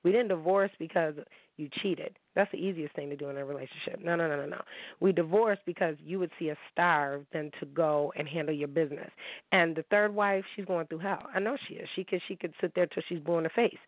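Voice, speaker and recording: A woman's voice: deep voice, a little fast, dry recording. Heated woman venting over a thin line. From upstate New York. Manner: candid, heated, rhetorical questions to listeners. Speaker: podcast host. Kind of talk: emotional personal monologue to listeners. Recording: thin phone-like dry recording.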